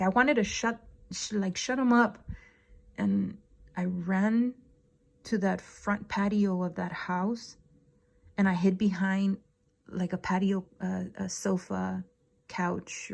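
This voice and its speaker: A woman's voice: mid-range voice, vocal fry, darkish tone. A woman vlogger telling a dream story in a casual, rambling way, with slangy phrasing, lots of fillers and swearing. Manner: slangy, laid-back phrasing.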